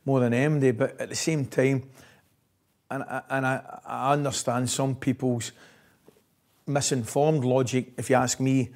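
A Scottish man, a former football coach, recounting old stories in an interview. He tells them in a lively way, laughs as he goes, and keeps asking "right?". His voice sits in a middle pitch. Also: unhurried. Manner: lively storyteller, laughs often, says "right?" constantly. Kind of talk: anecdotal interview chat.

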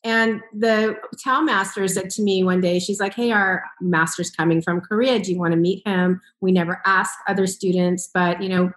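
A woman's voice: mid-range voice, moderate pace, hardly any pauses. A woman in a conversational interview, telling a personal story with lots of laughter and acted-out quoted dialogue. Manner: animated, laughs often, acts out quoted dialogue. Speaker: author and entrepreneur telling her story. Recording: roomy echo.

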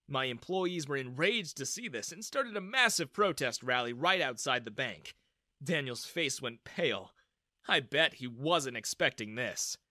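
A man narrating a first-person story in an expressive, lively way on a close studio mic. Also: on the high side, no echo.

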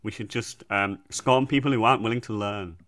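A man's voice: lowish voice, a little fast. A man co-hosting a comedy podcast, joking. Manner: playful, deadpan boasting. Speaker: podcast co-host. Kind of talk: casual comedic chat.

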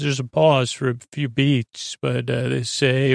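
Gravelly, flat-voiced man rambling. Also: medium pitch, normal speed, hardly any pauses, no echo, studio quality. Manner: rambling, hesitant, many fillers. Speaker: sleep podcast host. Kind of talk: casual sleepy episode recap.

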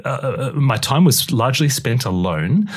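A man from Australia, an author and broadcaster, talking about his life in a relaxed interview with self-deprecating humor. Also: medium pitch, moderate pace, slightly rough.

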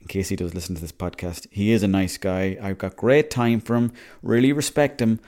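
A young Irish man talks through his week on a solo podcast, wandering from story to story and cursing freely. His voice sits a little low and comes across mellow and soft-edged. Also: fairly even intonation, fairly quick. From Ireland. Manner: rambling, chatty, swears freely. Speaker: podcast host. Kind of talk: casual solo podcast monologue.

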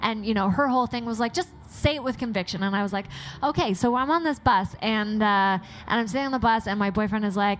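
A woman co-hosting a podcast, telling candid stories in an animated, frank way with plenty of swearing. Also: mid-range voice, fast, slight background noise. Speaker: podcast co-host. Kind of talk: candid casual chat.

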